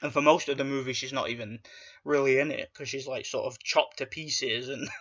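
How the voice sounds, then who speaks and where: A man rants through a movie review, blunt and profane, with plenty of open scorn. His voice is bright and forceful. The recording sounds dull and lo-fi. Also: medium pitch, fairly even intonation, a little fast. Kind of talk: casual ranting film review.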